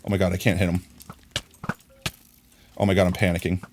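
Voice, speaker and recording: A man streaming a video game live, talking to himself in excited, frantic bursts as he plays. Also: deep voice, a little fast, a little hiss or hum. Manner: excitable, frantic, talks to himself while playing. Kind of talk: live gameplay commentary.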